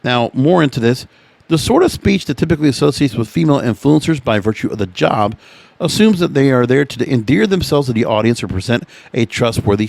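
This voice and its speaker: A male podcast host with a lively, swinging voice, reading passages aloud and then breaking off to argue with them. He talks in a chatty, opinionated way. The sound is dry, with no room on it. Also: mid-range voice, creaky, dry recording. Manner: opinionated, chatty, reacting to what he reads aloud. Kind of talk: casual podcast commentary reading from an article.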